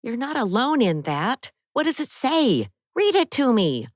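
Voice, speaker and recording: A woman voicing a harried female friend on the phone who talks quickly and urgently, in an audiobook. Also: a little high, sing-song, no room sound, clean studio sound, pitched above the performer's own voice.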